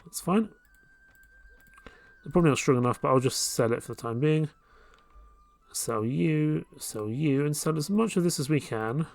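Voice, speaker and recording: A fairly high-pitched man with vocal fry speaks at a moderate pace and pauses often, recorded with no room sound. As host of a let's play, he gives relaxed, casual commentary and thinks aloud about what to do next. Faint game music plays behind him.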